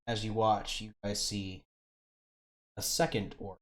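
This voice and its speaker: Low-ish guy gm narrating, lots of uh and kinda. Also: steady tone, unhurried. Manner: loose narration with fillers. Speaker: game master. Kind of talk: narrating a tabletop game.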